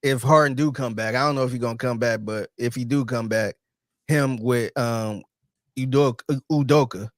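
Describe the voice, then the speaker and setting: Easygoing man co-host, close dry sound, hesitant and agreeable in relaxed sports banter. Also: medium pitch, moderate pace, no room sound. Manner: laid-back, agreeable, hesitant restarts. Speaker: podcast co-host. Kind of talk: casual sports chat.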